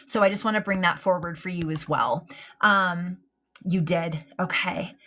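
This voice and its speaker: Affectionate, halting woman medium. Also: lowish voice, pushed and bright. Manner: hesitant, full of ums and likes, affectionate. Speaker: psychic medium. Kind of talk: live-streamed mediumship reading.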